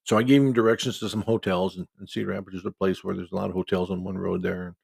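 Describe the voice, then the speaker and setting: A man's voice: low voice, flat delivery, fast, creaky, darkish tone, husky, dry recording. A middle-aged man from Iowa, a football referee, telling a story in a folksy, conversational way and quoting people in his own voice. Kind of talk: casual spoken storytelling.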